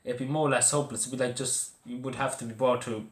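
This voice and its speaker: A young Irish man talking casually about his own school days, halting and full of fillers and restarts. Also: medium pitch, fairly even intonation. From Ireland. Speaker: vlogger. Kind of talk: casual personal talk to camera. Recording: echoey room.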